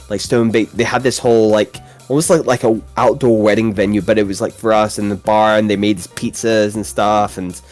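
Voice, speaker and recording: A Scottish man co-hosting a casual chat, telling stories with lots of laughs and acted-out voices. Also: on the low side. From Scotland. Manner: animated storytelling, acts out voices, laughs often. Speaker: podcast co-host.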